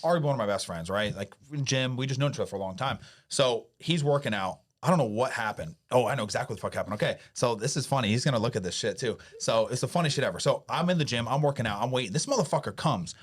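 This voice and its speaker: Animated fast-talking male coach. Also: mid-range voice, breathy edge. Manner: animated, profane storytelling. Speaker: podcast co-host and physique coach. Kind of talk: casual podcast chat.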